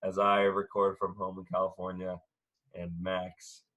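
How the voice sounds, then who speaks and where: A man co-hosting a casual sports podcast from home, talking in a halting way with many filler sounds. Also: low voice, monotone, fairly bright tone. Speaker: co-host.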